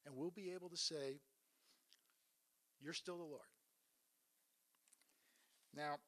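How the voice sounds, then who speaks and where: Earnest male preacher with a slightly higher voice, retelling scripture and posing questions to the congregation. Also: fairly bright tone. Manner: earnest, asks rhetorical questions. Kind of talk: sermon retelling Bible stories.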